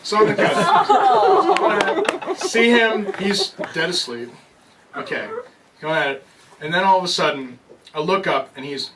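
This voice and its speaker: Animated young guy telling a stand-up story. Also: high-pitched, unhurried, pauses often. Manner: animated storytelling, laughing at his own jokes. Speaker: stand-up comedian. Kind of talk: stand-up comedy set. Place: bar comedy night. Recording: distant mic with loud noise and crowd.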